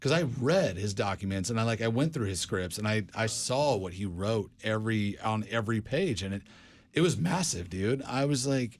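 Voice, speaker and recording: A fairly low-voiced man chatting on a podcast. He tells stories loosely, restarting sentences and dropping in "like" and "dude" as he goes. His tone stays casual and easygoing. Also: animated, moderate pace. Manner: rambling storyteller, many restarts, says "dude" and "like". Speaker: podcast co-host. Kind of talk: casual chat.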